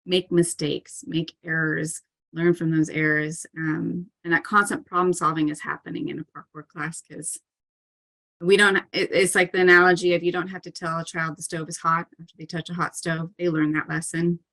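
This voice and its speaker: A woman's voice: low voice, level tone, normal speed, a bit bright. A woman talking as a parkour coach in a casual interview, earnest and chatty, with frequent "um" and "like" fillers and light laughs.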